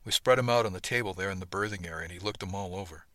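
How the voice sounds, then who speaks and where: A man reading a first-person story aloud, steady and conversational. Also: deep voice, rapid-fire, no echo. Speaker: audiobook narrator. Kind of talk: first-person audiobook narration.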